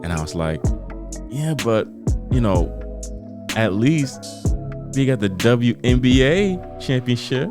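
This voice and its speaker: A man from New York hosting a podcast, venting about sports in a rambling, animated way with many repeats. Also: medium pitch, takes it slowly, pauses often, music in the background. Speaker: podcast host. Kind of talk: casual solo podcast chat.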